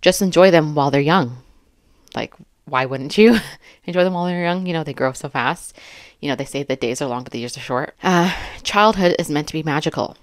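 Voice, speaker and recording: A thirtysomething commentary YouTuber with a deep voice talks a little quickly, slightly out of breath, reading a list aloud and reacting to each entry. Her chatter is full of fillers and laughs between remarks, captured in a clean, dry studio recording with no room sound.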